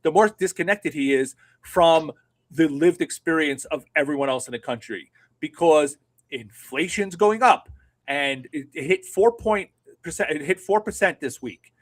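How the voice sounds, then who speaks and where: A middle-aged man in casual political commentary, ranting with heavy profanity and biting sarcasm. His voice sits a little on the high side for a man. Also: animated, moderate pace. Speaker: political podcast co-host.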